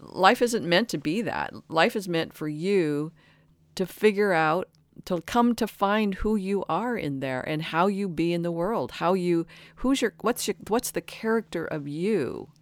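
Earnest, smooth-voiced speaker in their sixties. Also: mid-range voice, lively intonation, no room sound. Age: 60s. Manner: earnest, halting, frequent restarts and self-corrections. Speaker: speaker giving a talk. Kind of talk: reflective spiritual talk.

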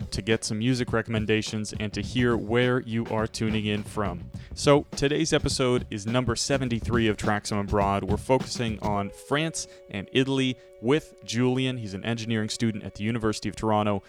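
A man hosting a radio music show, announcing and interviewing in a steady, scripted way. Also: lowish voice. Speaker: radio host.

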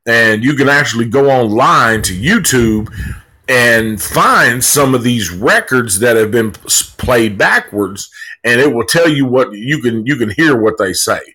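A man's voice: medium pitch, animated, unhurried, sharp tone, breathy edge, poor audio. A man hosting a live podcast, reviewing a movie in a laid-back, casual way, swearing freely and leaning on fillers. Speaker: podcast host reviewing a film.

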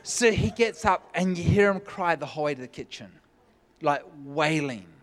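A man preaching, telling a humorous personal story with lively, joking delivery. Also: on the high side, moderate pace. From California. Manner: animated, jokey storytelling with laughs. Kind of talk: sermon storytelling.

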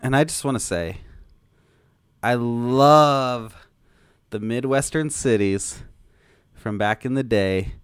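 A man's voice: medium pitch, takes it slowly, long pauses, clean tone, dry recording, studio quality. A man co-hosting a podcast in casual, jokey chat, often trailing off mid-thought. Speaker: podcast co-host.

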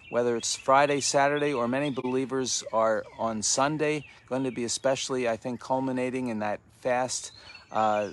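A man giving a devotional teaching in a conversational way, often restarting phrases and slowing down to read verses aloud. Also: medium pitch, a little hiss or hum. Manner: conversational, many restarts, slows to read scripture. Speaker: messianic teacher.

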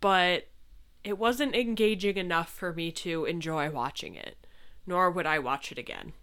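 A woman's voice: fairly low pitch, a little slow, a bit bright, clean tone. A woman co-hosting a casual movie review chat, talking hesitantly with many "uh"s and "I guess". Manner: hesitant, frequent "yeah" and "uh". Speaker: podcast co-host.

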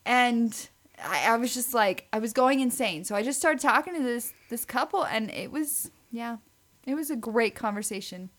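A woman's voice: a little high, animated, moderate pace, fairly bright tone. A woman co-hosting a podcast in casual chat, reading out advice and telling a story. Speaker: podcast co-host.

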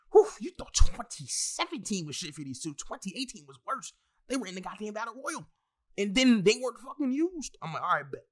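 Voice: mid-range voice, pushed and bright. A wrestling fan in a casual, profane rant full of exasperated asides and heavy swearing.

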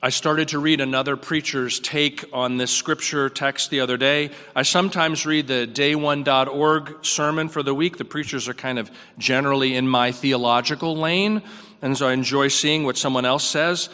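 A man preaching a sermon in a reflective, earnest way, his voice rising on questions and dropping soft. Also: medium pitch, steady tone, moderate pace, in a large hall.

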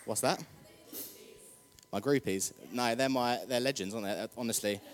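Jokey preacher in a reverberant hall. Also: male voice, mid-range voice, a little fast. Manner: jokey, chatty, crowd-rousing. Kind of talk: casual sermon. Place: church hall.

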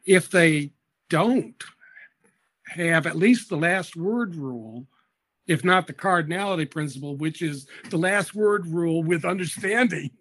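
A man's voice: on the high side, unhurried, a bit bright. A man being interviewed as an education expert, explaining methodically and patiently with small hesitations.

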